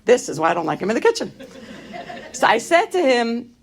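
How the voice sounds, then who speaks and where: A middle-aged woman giving an inspirational talk, telling personal stories in an animated, humorous way that turns grave at moments. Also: medium pitch, a little fast, slightly rough. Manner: animated, humorous, shifting between light and grave. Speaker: inspirational speaker.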